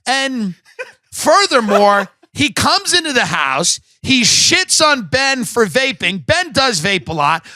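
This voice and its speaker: High bright-voiced man ranting. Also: no room sound. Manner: profane, emphatic ranting. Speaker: podcast host. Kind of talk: comedic podcast rant.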